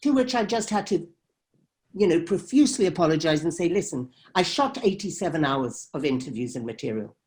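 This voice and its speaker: A woman's voice: deep voice, animated, fairly quick, a little mellow. A woman documentary filmmaker telling a story in an interview, emphatic and dramatic as she acts out heated exchanges.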